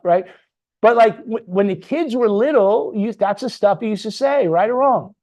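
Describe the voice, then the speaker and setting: A middle-aged man with a notably high voice leads a motivational training session for a sales team. He talks in punchy bursts, firing rhetorical questions at the room and checking in with a quick "right?" after his points. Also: darkish tone. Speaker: business trainer.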